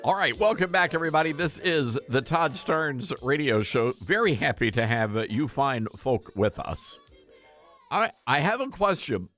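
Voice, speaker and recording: A man's voice: mid-range voice, fairly bright tone. A man hosting a radio talk show, chatting in a rambling way with frequent fillers.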